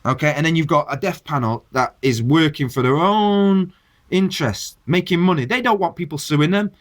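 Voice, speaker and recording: A man's voice: a little high, normal speed. A man delivering an impassioned video rant, preaching at his viewers and firing rhetorical questions at them. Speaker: vlogger.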